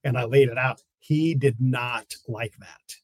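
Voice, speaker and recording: Husky-voiced man telling war stories. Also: mid-range voice, measured pace, no room sound. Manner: animated storyteller acting out quotes. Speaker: guest, former intelligence officer in Afghanistan. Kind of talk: casual storytelling interview.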